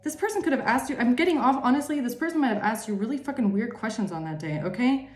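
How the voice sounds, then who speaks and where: A woman's voice: fairly high pitch, lively intonation, fast talker, darkish tone, roomy sound, faint music behind. A woman giving a tarot reading monologue, emphatic and repetitive, swearing freely. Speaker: tarot reader.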